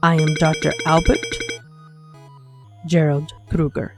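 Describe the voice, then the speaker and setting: A sinister male doctor with fangs speaks in a calm, formal tone, as a woman reads his lines. The delivery is low and slow. Game music plays clearly underneath. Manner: flat, unhurried reading of a doctor's lines.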